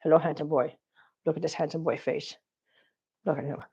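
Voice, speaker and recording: A cat-channel vlogger chattily hosts an unscripted live stream while cleaning, overheated and short of breath, cooing at her cats in baby talk. Her low, dark voice is steady, fairly quick and slightly rough, and the audio sounds a little muffled.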